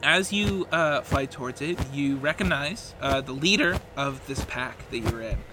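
A man narrating a tabletop game as game master, halting, with many fillers. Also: mid-range voice, background noise.

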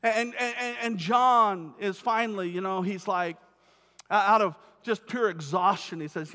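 A man's voice: sits high, unhurried. Man preaching, acts out the characters, voice rings out in a big reverby hall. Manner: animated storytelling, acts out quoted voices, repeats words. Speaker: pastor. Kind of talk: sermon.

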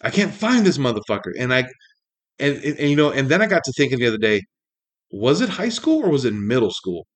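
A man's voice: mid-range voice, sing-song, fairly quick. A man ranting casually in a monologue, exasperated and profane, rambling with many fillers.

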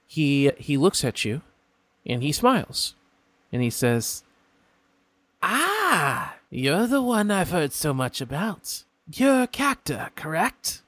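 A man's voice: mid-range voice, a bit bright, no room sound. A man narrating a tabletop game as game master, with hesitant restarts.

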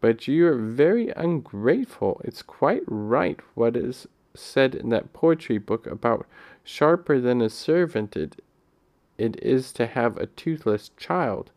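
A man's voice: mid-range voice, sing-song, slow pace, a little mellow. A man reading aloud, voicing a tearful, indignant little girl who stammers through her complaints. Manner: sobbing, stammering, aggrieved.

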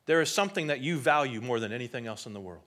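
A man's voice: mid-range voice, animated, racing, fairly bright tone. A man preaching a sermon in an emphatic, conversational way, often putting rhetorical questions to his listeners. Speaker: pastor.

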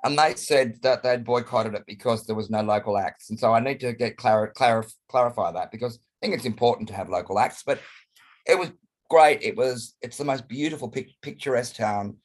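A hoarse Australian man, croaky from a chest cold, chatting flamboyantly and playfully as a guest over a video call. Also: medium pitch, a little fast. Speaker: guest performer. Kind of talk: casual interview chat over video call.

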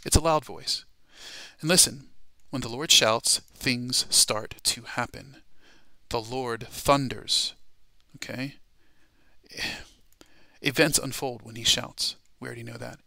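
A man teaching a Bible study class in a sermon style, emphatic and dramatic, slowing down to stress key words. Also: mid-range voice, creaky, pushed and bright, dry recording.

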